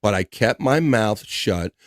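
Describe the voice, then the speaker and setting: A man's voice: on the low side, expressive, slow pace, dry recording, clean studio sound. A middle-aged man hosting a casual livestream, reading viewer comments in an upbeat, chatty way with frequent laughs. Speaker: livestream host.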